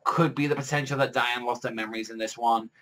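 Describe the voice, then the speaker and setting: A man's voice: mid-range voice, fairly even intonation, fast talker, fairly bright tone, rough recording. A man reviewing a manga chapter in a casual vlog, rambling with constant fillers and frequent swearing.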